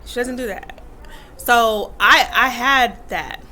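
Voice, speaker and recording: Candid, emphatic mother with a bright voice. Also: on the high side, slow pace, slight background noise. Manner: candid, emphatic, acts out quotes. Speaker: vlogger and mother. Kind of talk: casual talk to camera.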